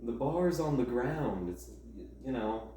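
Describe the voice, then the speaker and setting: A man's voice: medium pitch, expressive, slow pace, dark tone, a little hiss or hum. A young man and college student chatting casually at home during a workout, rambling and ranting with lots of fillers. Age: young adult. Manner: rambling, grumbling rants with many fillers. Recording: roomy, distant mic, faint ambience.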